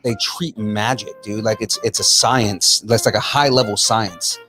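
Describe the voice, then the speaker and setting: A man's voice: lowish voice, fairly even intonation, measured pace, pushed and bright, faint music behind. A man co-hosting a casual podcast chat, talking with enthusiastic, opinionated energy and often repeating himself as he builds a point. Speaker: podcast co-host.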